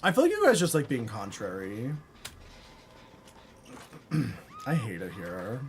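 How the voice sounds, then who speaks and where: Woman streamer talking thru her game, super expressive, voice jumps way up and down, bit of background hiss. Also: a bass voice. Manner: chatty, expressive, quick reactions, playful complaints. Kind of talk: live-streamed gameplay commentary.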